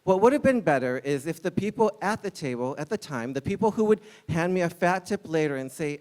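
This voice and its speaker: A man in his forties tells a personal story live, with a candid and wry comic touch. His voice sits a bit on the higher side, and his punchlines land with dry timing. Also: lively intonation, brisk. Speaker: storyteller and restaurant server.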